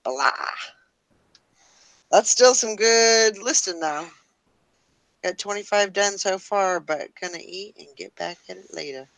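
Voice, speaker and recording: A woman's voice: mid-range voice, a little slow, fairly bright tone, no room sound, rough recording. A woman vlogger in casual chat to camera at home, folksy and talkative. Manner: chatty, folksy, talks to her dogs.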